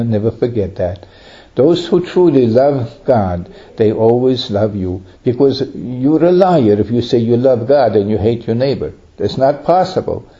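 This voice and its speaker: Orthodox priest giving a sermon, earnest and pleading, warm dark voice, muffled recording. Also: male voice, mid-range voice. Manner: earnest, pleading preaching with emphatic swells. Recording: dull lo-fi recording.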